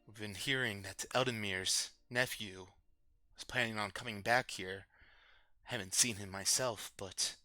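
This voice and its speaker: A man voicing a gentle, sincere female dragon teacher in a tabletop game, soft-spoken and apologetic. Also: lowish voice, fairly even intonation, a little slow, no room sound, faint music behind. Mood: saddened. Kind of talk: in-character tabletop role-play.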